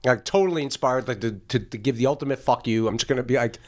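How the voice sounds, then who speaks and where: Animated storytelling man, profane. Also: medium pitch, fast. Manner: animated, profane, acts out quoted voices. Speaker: podcast host. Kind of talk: casual storytelling chat.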